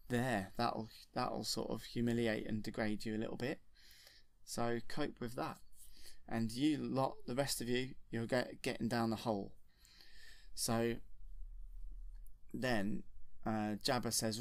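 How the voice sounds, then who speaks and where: A man's voice: medium pitch, steady tone, unhurried, vocal fry, no echo. Rambling man retelling a film. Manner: rambling, self-correcting. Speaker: storyteller. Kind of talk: casual film retelling from memory.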